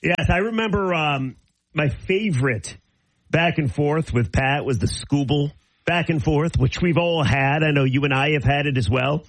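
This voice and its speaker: A male radio host tells animated stories and slips into impressions as he goes. His voice is somewhat high and husky, recorded dry and close in the studio. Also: normal speed, no echo, low-quality recording. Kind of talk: casual studio chat. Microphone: studio microphone.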